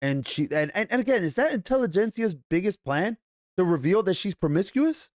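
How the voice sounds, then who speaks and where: A man's voice: high-pitched, sing-song, brisk, no room sound, clean studio sound. A young man reviewing a TV episode in an angry, profanity-heavy rant, stumbling and restarting as he gets worked up. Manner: swears constantly, stammers and restarts when agitated. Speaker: TV show reviewer.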